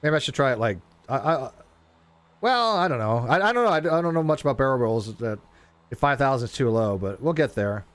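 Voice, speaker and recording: A man streaming a flight simulator, talking casually and rambling as he flies, often stumbling over his words and getting excited. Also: mid-range voice, a little fast. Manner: rambling, self-interrupting, excitable. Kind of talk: casual live gameplay commentary.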